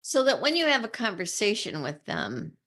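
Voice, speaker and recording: A woman's voice: mid-range voice, sing-song, normal speed, fairly bright tone. A woman co-hosting a podcast in casual discussion, speaking earnestly and with emphasis as she explains, sometimes quoting people in their own voices. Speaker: podcast co-host.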